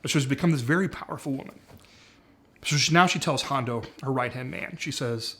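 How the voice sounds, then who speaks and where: Pitching a series casually, a man works through it scene by scene at an easy, chatty pace. He speaks in a middle register, often dropping "like" and "uh" into his pauses.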